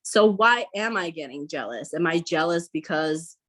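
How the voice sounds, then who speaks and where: A woman in her thirties, a podcast guest, giving casual advice and acting out quoted lines in lively voices. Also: sits low, moderate pace. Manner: chatty, acts out quoted lines in bright voices.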